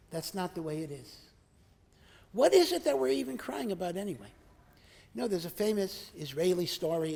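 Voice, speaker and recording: A rabbi giving an earnest Torah lecture, asking rhetorical questions and mixing in Hebrew and Yiddish terms. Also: male voice, a little high, warm tone. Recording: hall with long reverb.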